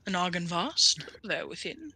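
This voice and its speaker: A woman voicing a senile ancient male dragon made of bones, guarding a bridge, in a slow, breathy, questioning voice. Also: on the low side, very animated, sharp tone, exaggerated voice. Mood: curious.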